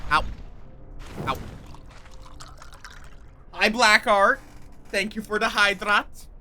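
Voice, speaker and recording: Male streamer, unhurried and self-mocking, high bright tone; faint game music underneath. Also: slight background noise. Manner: rambling, playful, self-deprecating, chats with viewers. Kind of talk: casual livestream chat over gameplay.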